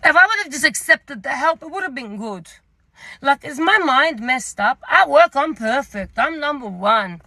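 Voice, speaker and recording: A young Australian woman rambling through a storytime rant with a loose, chatty delivery. Her voice sits a little high, sounds bright and sharp, and has a gravelly fry. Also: expressive, normal speed, dry recording. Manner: chatty, rambling, full of fillers. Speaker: vlogger.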